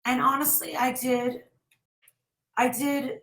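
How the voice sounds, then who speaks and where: A woman's voice: high-pitched, level tone, slow pace, a bit bright, reverberant, low-quality recording. A woman vlogger retelling a story in a rambling, emotional way, breaking off now and then to scold her viewers.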